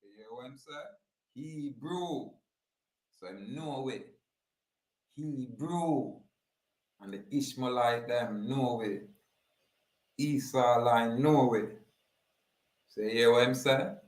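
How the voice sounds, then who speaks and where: A man with a Jamaican accent giving casual spoken commentary in a steady, low-key way, often asking listeners if they hear what he is saying. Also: takes it slowly, long pauses, echoey room, low-quality recording.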